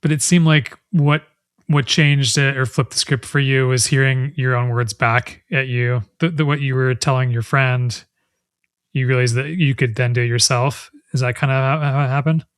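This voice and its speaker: A male podcast host asks thoughtful follow-up questions, often rephrasing them as he speaks. His voice sits at a middle pitch and sounds dry and close, with no room echo. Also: fairly even intonation, moderate pace, clean tone. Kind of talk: interview questions.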